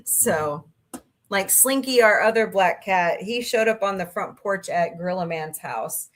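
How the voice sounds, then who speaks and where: A woman's voice: medium pitch, measured pace. Chatty rambling woman streamer. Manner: chatty, rambling storyteller with mild swearing. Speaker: livestream host. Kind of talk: casual chat reading viewer comments.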